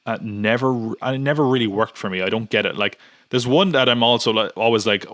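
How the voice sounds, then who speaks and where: Bright-voiced rambling male podcaster. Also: lowish voice, quick pace, dry recording, clean studio sound. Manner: rambling, nitpicky, restarts often. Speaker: podcast host. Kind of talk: casual podcast chat.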